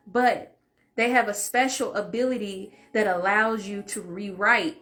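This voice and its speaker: A woman's voice: fairly high pitch, bright, forceful tone. A young adult woman vlogger telling a candid, emotional personal story in casual conversational talk, with fillers and asides. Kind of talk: storytime vlog.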